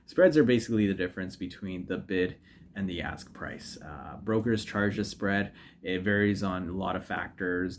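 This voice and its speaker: A man's voice: deep voice, slight background noise. A man hosting a trading channel, talking casually over his screen, rambling, joking and correcting himself with lots of fillers. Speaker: forex trading YouTuber. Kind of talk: casual screen-share commentary.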